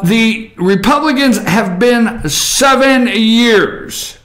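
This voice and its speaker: A man's voice: sits high, fairly bright tone. A man hosting a talk show, giving opinionated political commentary in a sarcastic, rambling way with many fillers.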